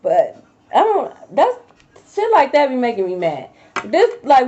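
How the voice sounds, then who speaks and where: A woman's voice: on the high side, wildly swooping pitch, measured pace, mellow. A young woman giving a casual tarot reading to her viewers, blunt and profane, full of slang. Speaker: tarot reader. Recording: dull lo-fi recording.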